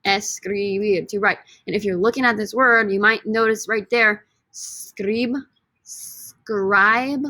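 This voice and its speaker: A woman's voice: medium pitch, steady tone, slow, bright, forceful tone, dry recording. A woman teaching a Spanish vocabulary lesson with repeat-after-me drills, playful and upbeat, joking with her students.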